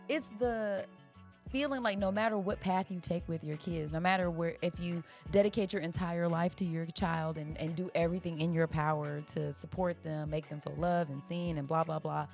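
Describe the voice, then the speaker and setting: Brief: woman co-host, expressive and casual, gravelly fry, slightly low pitch. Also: normal speed, soft background music. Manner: expressive, laughs while talking. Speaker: podcast co-host. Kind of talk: casual chat.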